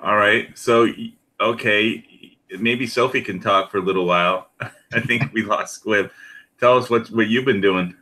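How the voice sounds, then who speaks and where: A man's voice: lowish voice, fairly even intonation, measured pace, bright, forceful tone. A man hosting a podcast in casual chat, easygoing and steering the talk.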